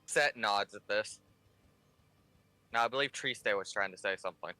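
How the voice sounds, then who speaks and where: A man playing in a tabletop game, calmly narrating what his character does. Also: lowish voice, moderate pace, dry recording. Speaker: player.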